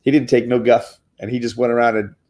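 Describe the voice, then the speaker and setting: A man hosts a relaxed comic book chat with his children, speaking at an everyday middle pitch. He sounds eager and talkative, often stumbling and repeating words as he gets excited. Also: quick pace. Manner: enthusiastic, chatty, often restarts words. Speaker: comic book show host. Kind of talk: casual chat reviewing comics with his kids.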